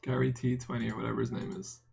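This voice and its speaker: A man's voice: mid-range voice, little pitch movement, quick pace, creaky, a little mellow. A man with an Irish accent giving casual live-stream poker commentary, bantering and answering chat with self-mocking jokes and the odd swear word. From Ireland.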